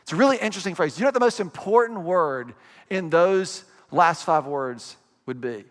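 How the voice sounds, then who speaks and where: Male pastor, high-pitched, chatty sermon delivery, reverberant hall sound. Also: expressive, fairly bright tone. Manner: conversational preaching with asides and quick acted quotes.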